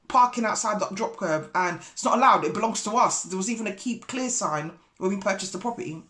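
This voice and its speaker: A woman vlogger and broker, telling a story in an indignant, animated way. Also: mid-range voice. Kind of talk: casual storytelling vlog.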